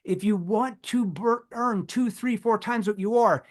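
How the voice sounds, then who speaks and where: Man, sales trainer, fairly high voice, emphatic, quizzes the audience. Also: unhurried. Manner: emphatic, fires rhetorical questions at the audience. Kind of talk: live online sales training.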